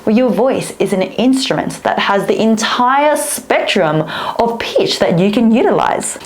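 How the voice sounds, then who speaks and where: A speaking coach in her thirties teaches to camera with a very lively, wide-ranging voice. She swoops high and low to demonstrate her points. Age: 30s.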